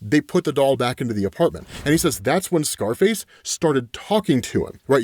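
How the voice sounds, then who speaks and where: Man, animated comic explainer, lively pitch, dry close sound. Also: normal speed, hardly any pauses, no echo. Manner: animated storyteller, acting out quotes, filler "right?". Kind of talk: casual retelling of a comic story.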